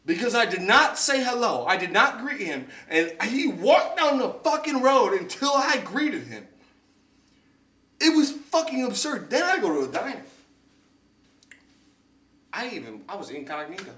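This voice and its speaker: A young male podcast host speaks a little slowly in a high-pitched voice, pausing often, far from the mic in an echoey room and slightly off-mic. In a casual storytelling chat he unspools a long profane tale, animatedly imitating other people's voices.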